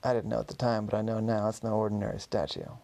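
A man's voice: on the low side, little pitch movement, fast talker, vocal fry, dark tone. A man voicing a scheming male antique dealer who stole back a statue, speaking plainly and boastfully.

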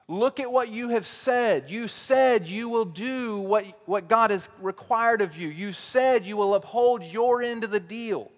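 High-voiced preacher in a reverberant hall. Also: male voice. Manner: dramatic swings from quiet, low emphasis to loud, raised declarations; repetitive, rhetorical questioning. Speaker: teaching pastor. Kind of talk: sermon.

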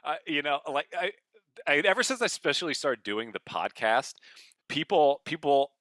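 A man hosting a podcast in a casual interview, loud and upbeat, with a radio voice he keeps at one volume. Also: very animated, normal speed, dry recording. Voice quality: deep radio voice. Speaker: podcast host.

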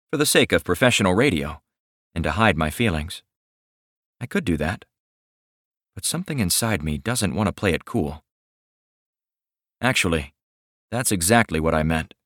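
Low-voiced male audiobook narrator. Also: fairly bright tone, no echo, clean studio sound. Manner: wry, confiding inner monologue. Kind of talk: first-person audiobook narration.

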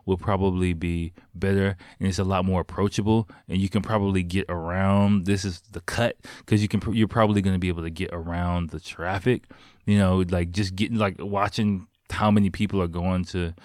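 A man's voice: deep voice, darkish tone, no room sound, studio quality. A man casually telling rambling, profane stories to the camera, laughing often between his words. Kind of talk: casual storytelling.

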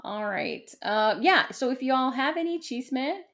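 Woman, podcast co-host, casual recap, giggly, quick asides. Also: high voice, sing-song, creaky, fairly bright tone.

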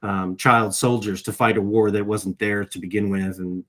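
A middle-aged man who works as a voice actor gives reflective answers as an interview guest. His voice sits on the low side, fairly bright with fairly even intonation at normal speed, and he often repeats words as he starts a thought.

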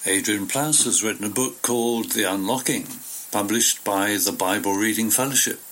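A man introducing a reading on radio in a measured, deliberate way. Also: lowish voice, fairly bright tone. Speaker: radio presenter.

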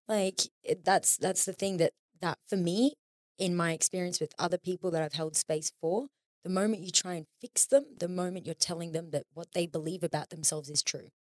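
A woman's voice: fairly low pitch, moderate pace, darkish tone, no room sound, studio quality. A woman in her thirties, a podcast guest, talking candidly in casual conversation, swearing freely and acting out the voices in her head.

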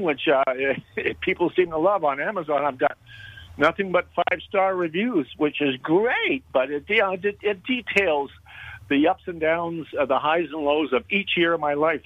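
A man's voice: a little high, dry recording. An older man from Canada, a guest comedian, tells a long story in a casual interview, full of fillers, restarts and chuckles. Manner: rambling anecdotal storytelling with frequent fillers and chuckles. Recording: dull lo-fi, dry sound.

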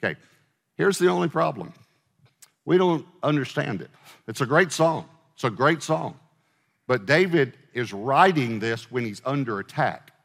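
Recorded with long hall reverb, a middle-aged male pastor delivers an informal, conversational sermon, posing questions to the congregation and joking around. His mid-range voice is expressive and creaky, moving at a measured pace.

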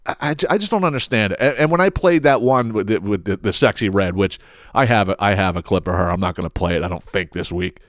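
A man's voice: lowish voice, quick pace, no room sound, clean studio sound. A young man hosting a podcast, ranting bluntly and with lots of cursing, exasperated. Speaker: podcast host.

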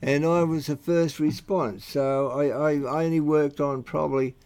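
An older Australian man with a gravelly, dark voice, telling stories from his working life. He speaks bluntly and colloquially, swears freely, and keeps circling back to restart his sentences. His telling rambles like an unpolished chat. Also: on the high side, steady tone, normal speed. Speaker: interviewee recalling his security and police work. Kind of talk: rambling spoken reminiscence.

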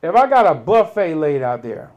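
A man preaching a sermon, reading scripture and explaining it, with laughs between points and sudden loud peaks. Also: fairly high pitch, sing-song, normal speed, dull audio.

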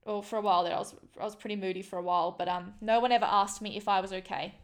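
A young woman speaks openly and bluntly in a relaxed vlog style. Her voice sits at an ordinary middle pitch, and her talk is loose and unpolished, full of "like", "um" and the odd swear word. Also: racing. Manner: frank and casual, swears freely, many fillers. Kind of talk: candid personal storytelling to camera.

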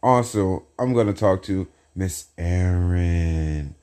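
A young man talks slowly through a casual solo podcast, his voice very deep. He rambles, repeats lines and breaks into hype chants full of slang. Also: darkish tone. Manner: repetitive, hype chanting, self-talk with slang. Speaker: podcast host.

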